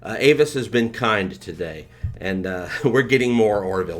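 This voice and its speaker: A man hosting a live stream, chatting casually and excitedly, rambling and thanking his viewers. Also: on the low side, moderate pace. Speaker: livestream host.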